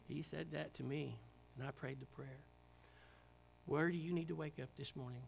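A man preaching a sermon in a church, rising to loud emphatic calls and dropping to quiet, hushed prayer. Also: a little high, steady tone, fairly quick, vocal fry, slight background noise. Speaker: pastor. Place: church sanctuary.

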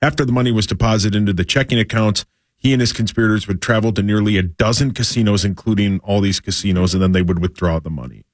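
A man's voice: on the low side, fast talker, no echo. A man co-hosting a radio show, reading a news item aloud in a dry, wry way. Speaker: radio co-host.

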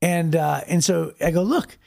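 A man's voice: on the high side, brisk, creaky, darkish tone. A man from Ohio, a pastor, telling stories in a casual chat with lots of restarts and repeated words. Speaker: pastor and podcast co-host.

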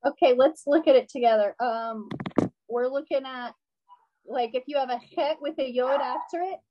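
A woman's voice: high voice, moderate pace, lo-fi sound, slight background noise. A woman teacher patiently explaining pronunciation in a live online class, using lots of fillers and frequent check-ins with her students. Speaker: language teacher.

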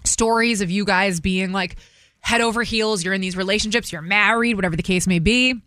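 A woman's voice: medium pitch, brisk, slight background noise. Outspoken woman morning radio host. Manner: animated, outspoken reactions.

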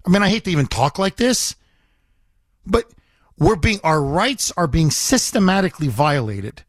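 A male talk radio host with a high voice that swings up and down a lot. He talks emphatically and indignantly, driving points home by repeating them. His voice sounds dry and close to the mic. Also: big pitch swings, moderate pace, no room sound.

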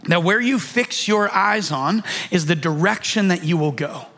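A man in his thirties gives a sermon as a story, talking in a high voice. He speaks casually, with restarts, and acts out the quoted lines of the people in the story. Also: animated, unhurried, sharp tone. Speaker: pastor.

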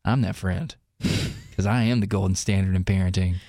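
A man's voice: sits low, steady tone, moderate pace, vocal fry, warm tone, dry recording, studio quality. A man co-hosting a radio show podcast, telling playful joking stories in casual chat.

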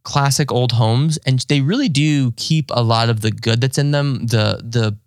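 Man, podcast co-host, casual chat, animated, quotes acted out with gusto, dry close mic. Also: mid-range voice, normal speed, clean tone, dry recording. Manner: animated, laughing, acting out quotes in exaggerated voices.

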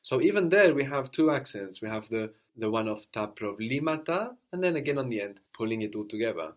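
A man's voice: medium pitch, lively intonation, fairly quick. A man teaching a language lesson, explaining points patiently and modeling phrases for a student to repeat.

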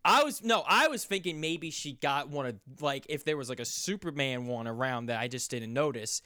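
A young man telling a story in casual chat, rambling and profane, his voice climbing loud and high when he gets worked up. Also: normal speed, clean tone, dry recording, studio quality. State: sore.

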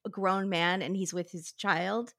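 A woman guesting on a podcast, chatting casually with quick reactions and laughs. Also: fairly low pitch, steady tone, gravelly, a bit bright, no echo, clean studio sound. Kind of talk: casual chat.

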